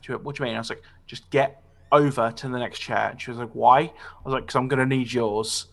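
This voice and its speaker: A man's voice: medium pitch, fast, gravelly. A man in his late twenties, a podcast host, telling sweary anecdotes in a casual chat and often tagging "right?" onto his sentences. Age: 20s. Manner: animated, sweary anecdote telling with frequent "right?" tag questions.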